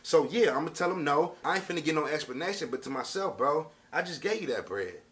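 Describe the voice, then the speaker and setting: A man's voice: a little high, expressive, fast talker, a bit bright. A man telling a story to camera as a casual rant, with streetwise slang and emphatic delivery. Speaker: vlogger.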